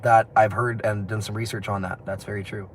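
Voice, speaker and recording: A man's voice: on the low side, level tone, brisk, a little hiss or hum. A man chatting casually on a livestream, rambling, swearing and laughing often, talking into a phone. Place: outdoors on city streets.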